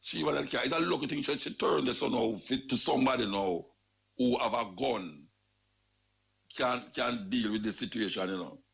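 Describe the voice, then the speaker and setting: A man's voice: mid-range voice, moderate pace, gravelly, a bit bright. A man with a Jamaican accent, hosting a talk show and ranting about crime in casual, repetitive, emphatic commentary. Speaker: radio talk show host.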